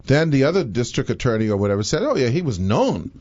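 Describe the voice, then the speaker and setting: A man hosting a casual talk show, rambling and animated, often acting out quotes in mocking voices. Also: mid-range voice, fast talker, lo-fi sound. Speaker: show host. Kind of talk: casual political chat.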